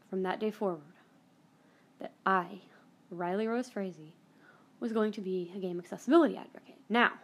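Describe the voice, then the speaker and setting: Woman, podcast host, mid-pitch, emotional storyteller who swears and repeats herself.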